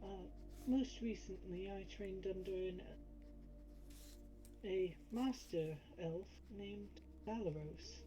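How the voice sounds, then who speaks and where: A woman playing a tabletop role-playing game, thinking aloud with pauses and fillers while she makes up details for her character. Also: mid-range voice, warm tone, faint music behind, rough recording. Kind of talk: casual tabletop game chat, partly in character.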